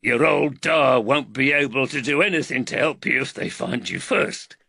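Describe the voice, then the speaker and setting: A man's voice: medium pitch, moderate pace, vocal fry, husky, dry recording, studio quality, voice pushed up, exaggerated voice. Man voicing a stern, commanding father. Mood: steady, fatherly. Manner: calm, commanding, dryly wry. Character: stern protective father, middle-aged man.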